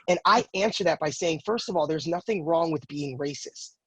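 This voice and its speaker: Brief: man, late thirties, husky voice, dry close sound, candid and earnest interview guest who stumbles and repeats words as he thinks. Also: fairly high pitch, quick pace, few pauses, a bit bright, no echo. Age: 30s. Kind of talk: casual conversational interview.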